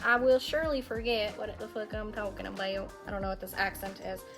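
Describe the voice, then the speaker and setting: A woman's voice: medium pitch, a little fast, fairly bright tone, faint music behind. A young woman hosting a casual chat, talking loosely with fillers and casual swearing. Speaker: host.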